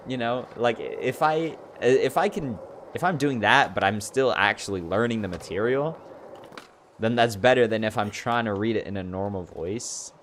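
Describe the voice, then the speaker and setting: A man's voice: fairly low pitch, normal speed, fairly bright tone, slight background noise. A young man chatting casually on a livestream, rambling and filling his talk with "like" and "you know". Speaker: streamer.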